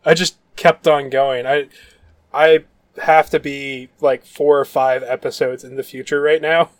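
A man's voice: mid-range voice, steady tone, unhurried, no echo. A man co-hosting a casual podcast, jokey with sarcastic asides. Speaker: podcast co-host. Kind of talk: casual chat.

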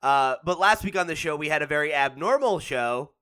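A man hosts a relaxed gaming podcast, and his voice sits a little high with a bright edge. His speech comes out smooth and clean. He banters and laughs freely with his co-host. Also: brisk. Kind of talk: casual podcast chat.

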